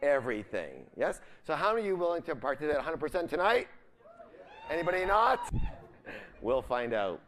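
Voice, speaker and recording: A man's voice: a little high, sing-song, fairly quick, fairly bright tone. A man giving a live seminar, full of upbeat energy, constantly asking the audience questions and leaving the ends of his sentences for them to fill in. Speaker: seminar speaker.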